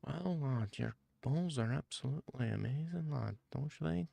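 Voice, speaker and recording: A man voicing a fawning northern English fighter in a whispered role-play, hushed and gushing and calling everyone "lad". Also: mid-range voice, lively intonation, normal speed, vocal fry, no echo.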